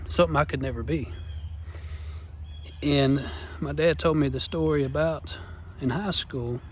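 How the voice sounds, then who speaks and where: A man's voice: a little high, slight background noise. A man in his thirties telling a heartfelt personal testimony in an earnest, rambling way. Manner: earnest, rambling, Southern-style phrasing. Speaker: vlogger sharing personal testimony.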